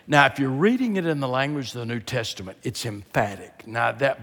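A man preaching a sermon on a church stage, dropping to hushed asides and then building to shouted, emphatic climaxes. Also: medium pitch, in a large hall. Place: large church auditorium with stage.

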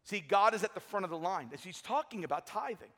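Energetic middle-aged pastor in echoing hall. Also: male voice, sits high, fast. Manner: energetic, emphatic preaching with humor. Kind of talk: sermon. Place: large church hall. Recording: long hall reverb.

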